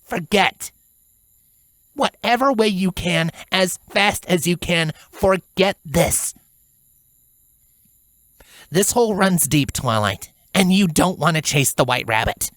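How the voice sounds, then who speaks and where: A woman's voice: sits low, expressive, a little slow, fairly bright tone, dry recording. A woman voicing a tough, stern female pegasus guard in a fan fiction audiobook, with blunt, urgent warnings.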